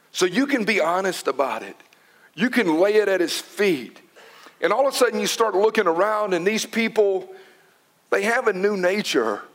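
Lively high-voiced male preacher. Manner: dramatic, dropping to whispers for emphasis. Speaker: pastor. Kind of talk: sermon.

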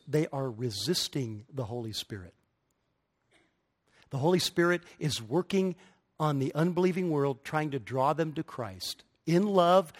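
A middle-aged man preaching a sermon, emphatic and building to forceful peaks. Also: medium pitch. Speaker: pastor.

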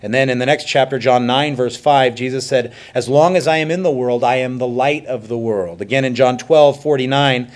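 A man preaching a sermon as pastor, emphatic and swelling loud then dropping soft, with conversational asides to the congregation. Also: medium pitch, normal speed, hardly any pauses.

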